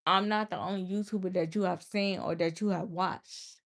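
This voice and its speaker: A woman's voice: lowish voice, fairly even intonation, moderate pace, creaky. Exasperated young woman talking to her chat. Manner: exasperated, scolding, talks straight to viewers. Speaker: livestreamer. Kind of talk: casual live-stream talk to chat.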